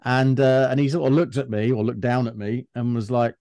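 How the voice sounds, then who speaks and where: A middle-aged man telling anecdotes in a casual, animated conversation. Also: mid-range voice, fairly quick, hardly any pauses, dry recording, studio quality. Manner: chatty, animated anecdotes with restarts.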